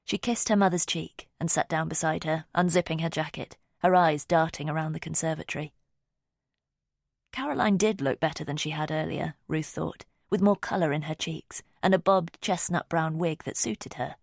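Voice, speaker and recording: A woman reading a mystery audiobook in a steady, measured storytelling voice. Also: low voice, vocal fry, dry recording, clean studio sound. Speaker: audiobook narrator. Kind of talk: scripted narration.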